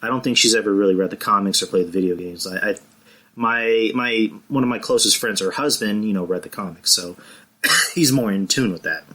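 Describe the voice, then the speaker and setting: Male podcast co-host, low bright tone, loose and rambling, swears casually. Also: brisk.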